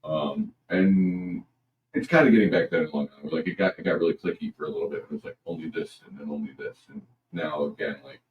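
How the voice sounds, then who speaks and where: A man's voice: extremely low pitch, fast talker, narrow, tinny audio. A man in a band, telling emphatic stories in a casual interview. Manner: lively, emphatic storyteller. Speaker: band member. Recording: echoey room, distant mic, faint noise.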